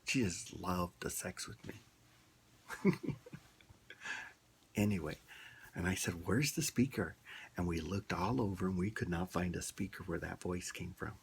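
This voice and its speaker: A man with a very deep voice delivers a blunt, rambling rant at an unhurried pace. His tone is rough and gravelly throughout, and faint background noise sits under the voice. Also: fairly even intonation. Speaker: vlogger. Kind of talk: casual opinion monologue.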